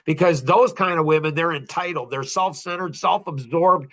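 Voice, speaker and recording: A man's voice: fairly high pitch, normal speed, a bit bright. A man in his sixties hosting a podcast, talking casually in a blunt, emphatic, preachy way. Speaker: podcast host.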